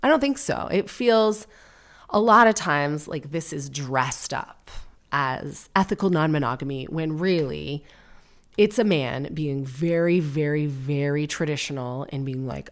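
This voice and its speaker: A woman with a low voice hosts her own podcast in her thirties. She chats casually and sardonically, often slipping into mocking put-on voices. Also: expressive, a little slow. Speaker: podcast host. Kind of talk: casual solo comedy chat.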